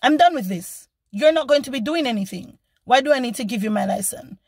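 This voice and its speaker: A woman vlogger telling a story in a casual, animated and indignant way, acting out the people she quotes. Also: on the high side, brisk, few pauses, no echo.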